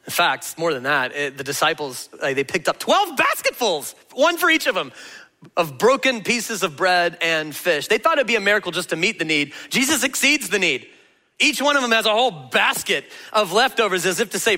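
A man preaching a sermon as pastor, telling the story in an animated, conversational way. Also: a little high, a little fast, long reverb tail. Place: church auditorium.

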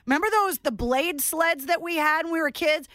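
High-voiced woman host, dry studio sound. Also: moderate pace, fairly bright tone, dry recording. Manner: joking, banters back. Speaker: radio host. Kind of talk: casual chat.

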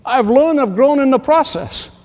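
A man delivers a sermon in a notably high voice, pressing his points through repetition and little chuckles. The sound carries a long reverb, as if from a large hall. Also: animated, a little slow, a little mellow. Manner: emphatic preaching with repetition and chuckles. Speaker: pastor.

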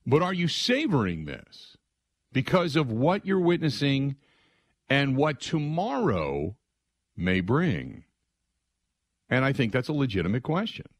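Male sports radio host, middle-aged, excitable, rambling, very lively pitch, dry studio sound. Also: measured pace, long pauses, no echo. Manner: excitable, rambling, lots of asides. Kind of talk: animated storytelling monologue.

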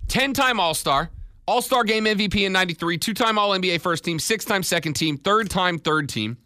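A man hosting a sports radio show, joking around and rattling off stats quickly at a studio mic. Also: high-pitched, animated, pushed and bright, no room sound. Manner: wisecracking, rattles off stats fast. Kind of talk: casual sports radio talk.

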